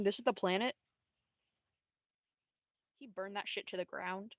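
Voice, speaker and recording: A woman's voice: mid-range voice, steady tone, takes it slowly, long pauses, no echo, highs cut off. Rambling, slangy young woman streamer. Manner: rambling, slangy, many fillers like bruh and um. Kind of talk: casual live-stream storytelling.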